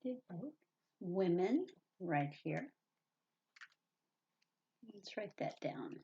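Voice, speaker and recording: A woman's voice: fairly low pitch, sing-song, drawn-out words, dark tone, muffled recording, slight background noise. A woman teaching a reading lesson to young children, patiently spelling out words letter by letter and explaining their meanings.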